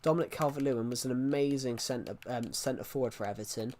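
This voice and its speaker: A man's voice: medium pitch, brisk, darkish tone, a little hiss or hum. A man chatting casually on a live stream, rambling and repeating himself as he restarts phrases. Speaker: game streamer.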